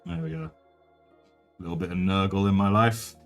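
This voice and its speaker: A man with a baritone voice hosting a casual painting livestream, chatty and jokey, thanking viewers as he works. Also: expressive, normal speed, gravelly, faint music behind. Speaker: livestream host.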